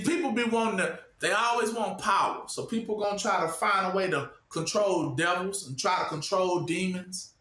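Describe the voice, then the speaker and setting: A man preaching informally, often pausing with "what?" for listeners to finish his sentences. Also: high-pitched, bright, forceful tone, roomy sound. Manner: asks the audience to fill in the word with "what?".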